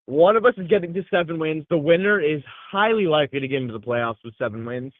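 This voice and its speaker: A man's voice: a little high, fast talker, no echo, narrow, tinny audio. A man hosting a podcast, chatting casually about fantasy football in a joking, rambling way. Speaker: podcast host. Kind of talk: casual fantasy football talk with comic recap.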